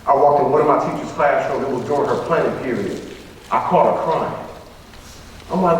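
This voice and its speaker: A man's voice: medium pitch, a little fast, pauses often, distant mic, a little hiss or hum. Man speaking emphatically in an echoey hall. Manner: emphatic, repeats phrases for rhythm and acts out dialogue. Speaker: motivational speaker. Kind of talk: school assembly speech. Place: school assembly hall.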